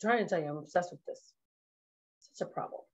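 A woman trainer hosting a casual live tutorial, chatting excitedly and laughing at herself as she works. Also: lowish voice, fast talker, lo-fi sound. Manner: excitable, giggly, self-amused chatter.

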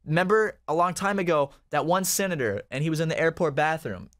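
A man's voice: a little high, lively intonation, fairly quick, a bit bright, no echo, clean studio sound. A man co-hosting a casual comedic chat, joking, laughing and rambling with stammered restarts. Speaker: podcast co-host.

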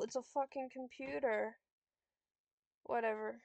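A young woman playing a board game against the computer, swearing, yelling and muttering at it in frustration. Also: on the high side, unhurried, gravelly, no echo. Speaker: gamer. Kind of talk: swearing gameplay commentary.

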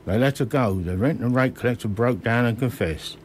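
A man's voice: medium pitch, fairly quick, slight background noise, natural voice. A man voicing an earnest, indignant schoolboy brother.

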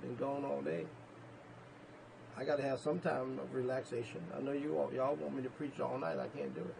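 A male pastor preaching a sermon, emphatic, repeating himself and rising to sudden loud peaks. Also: medium pitch, steady tone, normal speed, creaky, noisy background.

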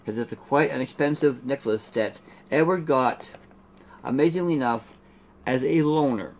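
A middle-aged Canadian man with a mid-range voice does a casual unboxing review of collectible figures, with a little hiss or hum on the recording. He rambles and keeps repeating "there" and "here".

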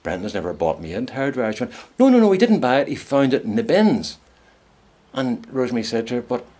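A man's voice: on the low side, darkish tone, slightly rough. A man casually telling a funny personal anecdote, rambling along and chuckling at his own story.

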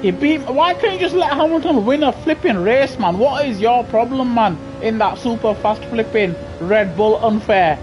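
With an extremely high-pitched voice, a British gaming streamer chatters excitedly through his headset while racing. He laughs often and complains with mock indignation.

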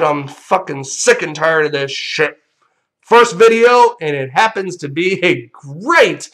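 High-voiced man ranting angrily. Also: fairly bright tone. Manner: profane, ranting, combative. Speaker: channel host. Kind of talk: angry rant vlog.

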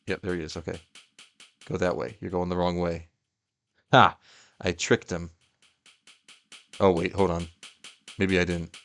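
Excitable young man with a low voice. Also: measured pace, pauses often, soft background music. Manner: excitable, yelps and laughs at the game. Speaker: gaming YouTuber. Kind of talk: casual gameplay commentary.

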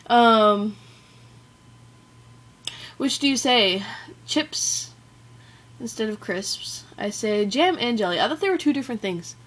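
A woman's voice: fairly high pitch, lively intonation, slow pace, pauses often, a bit bright. Giggly self-mocking woman. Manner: giggly, self-deprecating, filler-heavy. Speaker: vlogger. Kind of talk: casual accent challenge vlog.

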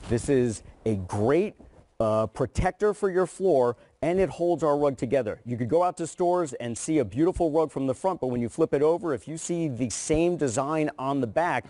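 A man pitching rugs as a guest on a home shopping broadcast, enthusiastic and persuasive. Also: lively intonation, moderate pace, mellow, dry recording. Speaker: rug company representative. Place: TV studio.

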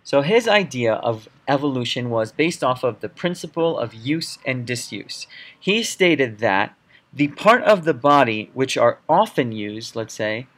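A man's voice: medium pitch, very animated, a little slow, fairly bright tone. Emphatic man lecturing at a whiteboard. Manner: emphatic, repeats key words while writing. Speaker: teacher.

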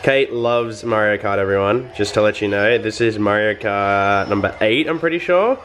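A man's voice: lowish voice, moderate pace, a bit bright, reverberant. A young man vlogging casually, playful and teasing as he talks to the camera. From Australia. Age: young adult. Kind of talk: casual vlog chat.

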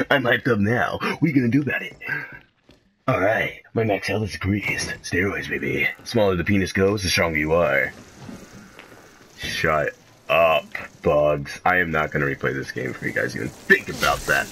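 A man doing let's play commentary, jumpy and profane, joking at himself and shrieking high whenever something startles him. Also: lively intonation, a little slow, pauses often, pushed and bright, slight background noise. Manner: profane, joking, self-mocking. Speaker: gaming channel host.

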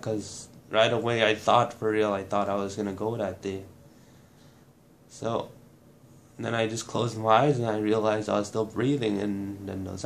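Guy from manitoba, kinda low voice, talks in stops and restarts, swears plain. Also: gravelly, slight background noise. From Manitoba, Canada. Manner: halting, restarting, blunt with swearing. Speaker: burn survivor telling his story. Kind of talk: personal testimony to camera.

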